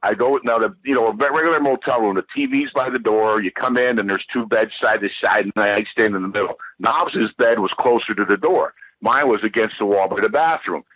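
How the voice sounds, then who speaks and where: A man's voice: fairly low pitch, brisk, hardly any pauses, no room sound, dull audio. A man who is a guest on a podcast, telling a rambling, heated, profane story and repeating himself as he goes.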